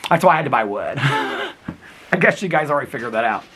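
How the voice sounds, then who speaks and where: Out in the snowy cold, a fifties-aged man records a casual daily vlog, giggling, chatting, and addressing viewers as girl and honey. His medium-pitched voice has lively intonation, a slightly fast pace, a sharp tone, and a slightly rough texture.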